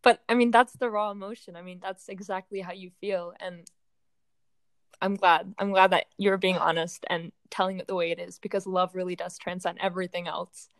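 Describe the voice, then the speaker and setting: A woman hosting a Q&A, reading out audience questions and affirming the guest with warmth. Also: fairly low pitch, level tone, normal speed, no echo. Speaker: host, moderator reading questions. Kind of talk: conversational Q&A hosting.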